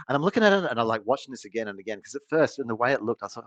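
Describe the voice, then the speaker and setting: A man's voice: mid-range voice, rapid-fire, dry recording. A man co-hosting a casual chat show, telling rambling stories and laughing often. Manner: rambling, laughing, animated storytelling. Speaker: podcast co-host.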